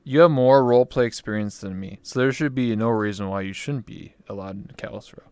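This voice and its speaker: A man's voice: lowish voice, fairly quick, darkish tone, clean tone, no room sound. A young Canadian man hosting a casual interview show, talking in a laid-back, rambling way with casual swearing. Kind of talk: casual chat.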